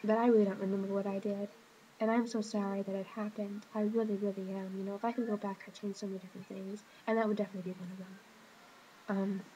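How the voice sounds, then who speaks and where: A woman speaking to camera in a personal confessional vlog, hesitant and emotional, stopping often with pauses and fillers. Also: mid-range voice, little pitch movement, mellow, highs cut off, a little hiss or hum. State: emotional, hurting. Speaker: vlogger.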